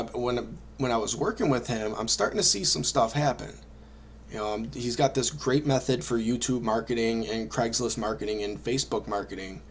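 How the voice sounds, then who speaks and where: A man telling his own story as a vlogger, animated and self-deprecating, acting out his own reactions. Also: mid-range voice, slight background noise. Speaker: online marketing vlogger. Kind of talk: personal storytelling to camera.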